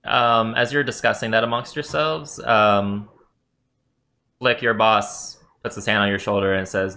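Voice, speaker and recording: A man serving as game master, narrating a tabletop game in a relaxed, chuckling way with many fillers. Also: fairly low pitch, a little slow.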